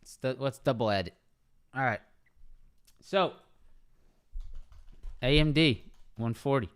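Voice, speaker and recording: Casual male trading streamer, smooth voice. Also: mid-range voice, slow pace. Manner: casual, repeats levels and asks "right?" often. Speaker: stock trading live streamer. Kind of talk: live market analysis stream. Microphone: streaming microphone.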